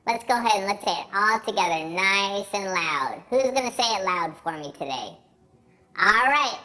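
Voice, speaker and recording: Give me a man playing a cheerful banana puppet in a kids' church show, bright and lively. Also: sits high, moderate pace, full character voice. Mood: bubbly. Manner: bubbly, jokey, leads kids in call-and-response.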